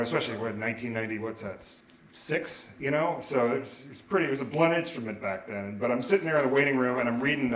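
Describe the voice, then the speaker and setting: A man's voice: mid-range voice, fairly bright tone. A man in his forties, telling a comic story on a small theater stage in a rambling, self-mocking way, laughing along as he goes. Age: 40s. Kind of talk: live comedic storytelling. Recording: roomy live theater sound.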